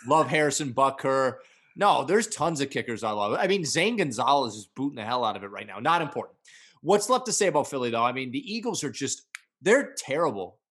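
A man's voice: medium pitch, sing-song, fairly quick, a bit bright, slightly rough. A man co-hosting a sports podcast, giving blunt, opinionated takes in casual chat. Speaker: podcast co-host.

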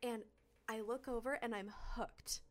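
A woman in her thirties co-hosting a casual chat, quick to laugh and chime in. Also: on the high side, fairly even intonation. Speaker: podcast co-host.

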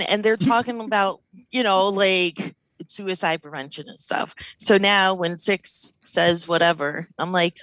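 Slow-talking, laughing podcast co-host woman. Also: on the low side, a bit bright, no echo, rough recording. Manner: laughing, swearing storyteller. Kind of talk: casual chat.

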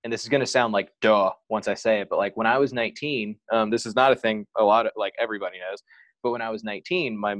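Frank man telling a story, low voice. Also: fast talker, fairly bright tone, no room sound. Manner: frank and open, heavy use of "like". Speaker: podcast guest. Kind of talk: casual personal storytelling.

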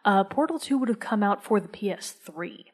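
Woman gushing in casual podcast talk, medium pitch, goes all whispery on the good bits. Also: animated, normal speed, breathy edge. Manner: enthusiastic, conversational, drops to a soft whisper for emphasis. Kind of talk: casual chat.

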